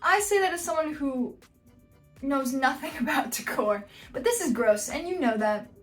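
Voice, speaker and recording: High-voiced woman reacting with exclamations. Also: expressive, moderate pace, soft background music. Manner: exclaiming, blunt and joking. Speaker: YouTube host reacting to house listings. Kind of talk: casual reaction commentary.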